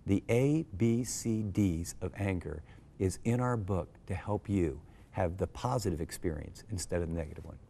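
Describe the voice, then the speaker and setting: A middle-aged man, a pastor, telling a personal story in a sermon and acting out his family's voices with big jumps in pitch. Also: moderate pace, creaky, warm tone, slight background noise. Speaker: pastor and Bible teacher.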